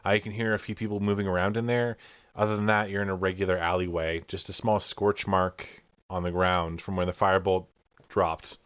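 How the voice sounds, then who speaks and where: A man's voice: low-pitched, flat delivery, fairly quick, a bit bright, clear, resonant tone, no echo, dull audio. A man narrating as game master in casual talk, with fillers and restarts, over a video call.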